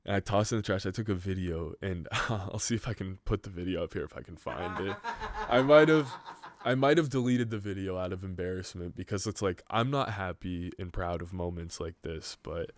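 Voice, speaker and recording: Young guy podcast host, super deep voice, rambling cussing story, lots of "like", dry close sound. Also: no echo. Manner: rambling, profane, heavy use of "like". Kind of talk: casual storytelling chat.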